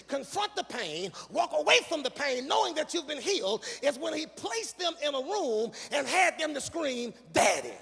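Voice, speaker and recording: A male pastor preaching a sermon, moving from quiet teaching into shouted, sung calls to the congregation. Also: very high-pitched, gravelly. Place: large church sanctuary. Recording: long hall reverb with faint music.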